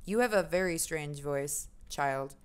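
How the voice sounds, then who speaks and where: A woman's voice: sits low, measured pace, clear, resonant tone. Chatty woman streaming a game. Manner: chatty, self-mocking, laughs often. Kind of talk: casual game commentary.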